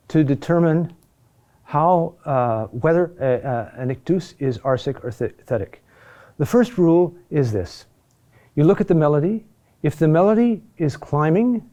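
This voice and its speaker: A man lectures at a board in a somewhat raised but mellow, warm voice. He speaks in short, patient phrases, restarting often and checking on his listeners with a quick "huh?". The delivery is slow and explanatory. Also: on the high side. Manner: halting and repetitive, with frequent "huh?" check-ins; patient, explanatory pacing with many pauses and restarts. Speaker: chant teacher.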